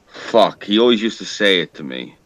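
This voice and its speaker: A man's voice: lowish voice, animated, moderate pace, a bit bright, no echo. A man with a New York accent chatting casually, rambling with lots of fillers and swearing. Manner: rambling, profane, hesitant. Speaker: podcast co-host. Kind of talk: casual chat.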